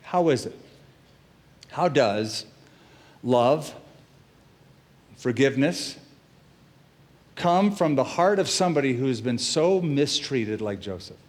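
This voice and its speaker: A middle-aged man preaching as a pastor, telling the story in a lively way and acting out the characters' quotes. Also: slow, long pauses. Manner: animated storytelling, acts out quotes with shifts in pitch and loudness. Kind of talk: sermon.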